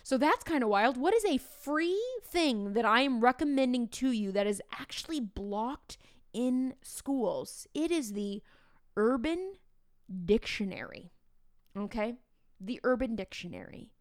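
A woman in her thirties hosts a teaching podcast in a chatty, animated manner, tossing playful asides to the listener. Her voice sits a little high. The recording is dry and close, with no room sound. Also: unhurried, dry recording. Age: 30s. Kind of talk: casual podcast talk.

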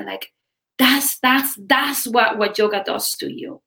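Yoga-teacher woman guest with a higher, emphatic, expressive voice, recorded in a roomy space. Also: slow pace, gravelly. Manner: expressive, emphatic, lots of repetition. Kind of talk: interview guest, casual talk.

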